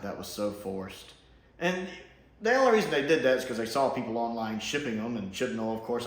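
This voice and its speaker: A man giving a casual spoken episode review, blunt and sarcastic, with mocking asides. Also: mid-range voice. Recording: echoey room.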